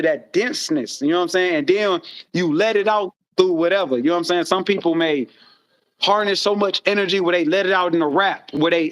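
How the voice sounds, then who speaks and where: A man telling stories in a casual chat, rambling and animated, with a lot of swearing. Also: sits high. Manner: rambling, animated storytelling with frequent profanity.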